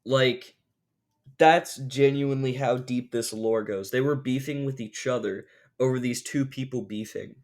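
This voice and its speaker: A man's voice: medium pitch, a little slow. A young man vlogging, telling a story in a rambling, casual way with lots of filler words. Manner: rambling, animated, lots of "like" fillers, acts out quotes.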